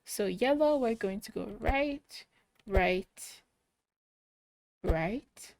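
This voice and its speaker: A young woman slowly talking kids through a coding puzzle, muttering each step and cheering when it works. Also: a little high, gravelly, no echo, poor audio. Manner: cheerful, muttering steps aloud, excited yays. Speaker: coding club instructor. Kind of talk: slow think-aloud coding walkthrough for kids.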